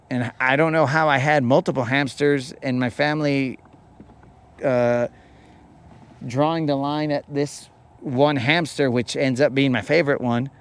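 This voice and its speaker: A man's voice: medium pitch, clean tone. Playful, slangy man rambling a story. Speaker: fishing podcast host. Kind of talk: casual storytelling while fishing.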